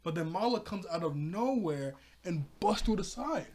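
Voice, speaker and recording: A man casually recapping a cartoon episode, excitable and laughing often as he talks to his viewers. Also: sits high, moderate pace, hardly any pauses. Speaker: cartoon reviewer.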